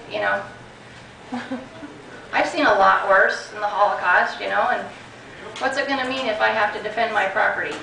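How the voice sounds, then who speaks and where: A woman with a bright, slightly high voice and a gravelly edge tells a story to a meeting, acting out both sides of a conversation and often restarting her sentences. She is heard from some distance in an echoey room with faint background noise. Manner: animated retelling with many restarts and quoted dialogue. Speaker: guest speaker at a property-rights group meeting. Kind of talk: personal storytelling talk.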